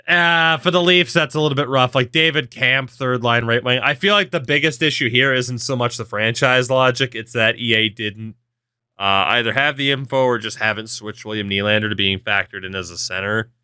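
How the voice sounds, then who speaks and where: A young gaming video creator gives rambling, offhand commentary over a hockey video game, swearing now and then while yawning and hiccuping. His mid-range voice is fairly even at a moderate pace, bright, forceful, clear and resonant. The recording is dry, with clean studio sound.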